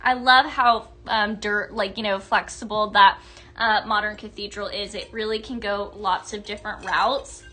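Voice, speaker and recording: A woman's voice: mid-range voice, little pitch movement, normal speed, pushed and bright. A woman hosting a live shopping stream, gushing over products and reading out viewer comments in a bubbly, chatty way. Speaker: live-selling host.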